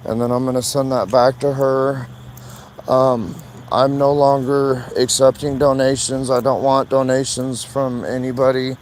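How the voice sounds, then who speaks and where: A man live streaming from his phone outdoors, rambling and halting, full of fillers and swearing. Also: medium pitch, a little mellow, a little hiss or hum, rough recording. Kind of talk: emotional casual live stream monologue.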